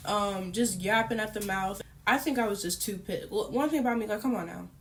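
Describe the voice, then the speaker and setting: A young woman chatting casually as she tells a personal story to her viewers, animated and full of fillers. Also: medium pitch, a little fast. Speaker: storytime YouTuber.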